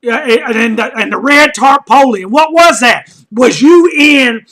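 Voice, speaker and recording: A man delivering a loud, mocking comedic rant, often shouting and rambling with lots of "uh" fillers. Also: very high-pitched, expressive, a little slow. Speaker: comedic commentator.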